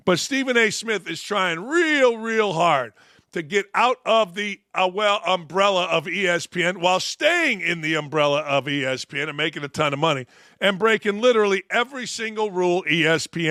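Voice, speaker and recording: A man's voice: sits high, moderate pace, bright, forceful tone, dry recording, studio quality. A middle-aged man hosting a sports talk show, ranting in a blunt, combative, profane and sarcastic way. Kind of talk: opinionated sports commentary rant.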